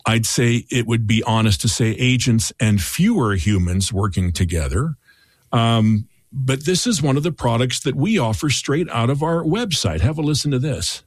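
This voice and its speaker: A man's voice: medium pitch, expressive, normal speed, hardly any pauses, breathy edge, no room sound. A male podcast host in casual chat, reflective and thinking his points through aloud. He sits close to the mic, and the sound is dry.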